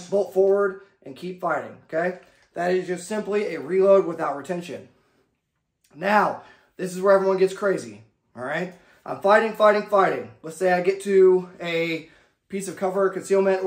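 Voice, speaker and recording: A man with a high voice gives a firearms lesson, calling out each step in a drill-like rhythm and tagging "okay?" after the steps. The sound rings with a lot of echo around him. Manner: drill-like, repeats "okay?" and key phrases. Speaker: firearms instructor. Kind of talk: instructional demonstration.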